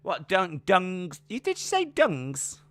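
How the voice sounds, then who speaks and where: A man's voice: sits high, huge pitch swings, slow, no echo. A man co-hosting a podcast, chatting casually in a playful, teasing way. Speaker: podcast co-host. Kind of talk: casual chat.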